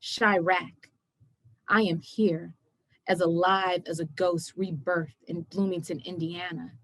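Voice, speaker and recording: A young woman poet reading her poems aloud at a virtual event, measured and emphatic, pressing hard on the questions. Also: lowish voice, level tone, a bit bright, dry recording. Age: young adult. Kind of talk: poetry reading. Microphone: video call.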